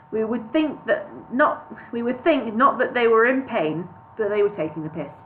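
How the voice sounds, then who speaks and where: Woman reading a comic novel at home, mid-pitched, relaxed and chatty, tinny lo-fi sound with light hiss. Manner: reads with slips, laughs and casual asides. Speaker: audiobook reader. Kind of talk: informal book reading. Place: her flat.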